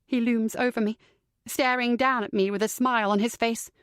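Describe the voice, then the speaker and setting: Woman, audiobook narrator, first-person thriller, tense dramatic delivery, fairly high voice, dry studio sound. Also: fairly even intonation, moderate pace, fairly bright tone, smooth, no echo.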